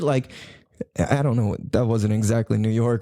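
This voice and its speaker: Man, podcast host, casual chat, lively pitch swings, dry close sound, profane. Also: brisk, no echo. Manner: animated, profane, laughing, rambling.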